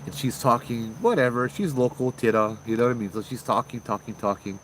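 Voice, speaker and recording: A man, hosting and telling a ghost story in a loose, conversational way, with fillers and sudden loud bursts. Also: mid-range voice, a little fast, a little hiss or hum, low-quality recording. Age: 30s. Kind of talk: casual spoken ghost story.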